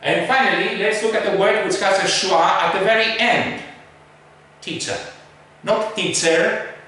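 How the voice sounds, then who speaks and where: A high, lively male voice that speaks slowly and carefully, stressing each word as he teaches pronunciation. The tone is bright, and he sits back from the mic in a very echoey room. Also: recorded from a distance. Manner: slow, emphatic, models words carefully. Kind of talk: English pronunciation lesson.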